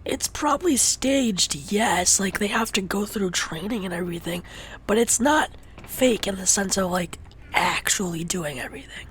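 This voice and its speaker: A woman's voice: medium pitch, lively intonation, moderate pace, a little hiss or hum. Giggly woman, often half-whispering. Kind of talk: casual chat.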